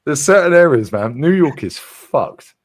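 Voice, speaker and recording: A London man hosting a stream on a video call, chatting casually in quick slang with laughter and swearing. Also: on the high side, sing-song. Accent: London English. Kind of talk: casual chat.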